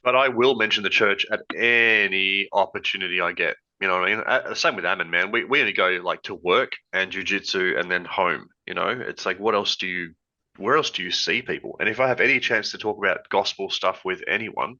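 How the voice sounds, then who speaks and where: A man co-hosting a podcast in a relaxed, rambling chat from a hot room at home, talking through an old headset. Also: sits low, a little fast. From Australia. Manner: rambling, easygoing, laughs often. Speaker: podcast co-host. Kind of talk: casual chat. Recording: lo-fi headset audio.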